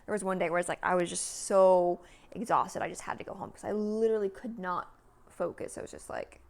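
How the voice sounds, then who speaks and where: A woman in her early thirties talking casually and at length in a vlog, meandering with lots of "like"s and sighs, sometimes sinking to a soft near-whisper. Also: lowish voice, a little fast, gravelly. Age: 30s. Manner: chatty, meandering, many "like"s and sighs. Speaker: vlogger.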